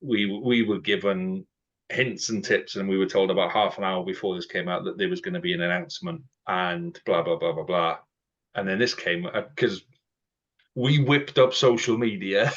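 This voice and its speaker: A man co-hosts a podcast in a casual, chatty way, acting out quoted exchanges as he goes. His voice sits low with a fairly bright tone at normal speed, and the recording has a dull lo-fi sound.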